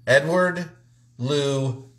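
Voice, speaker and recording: A man's voice: a little high, drawn-out words. A man hosting a casual live stream, joking and teasing his co-host. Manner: jokey, teasing, lively asides. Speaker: show host.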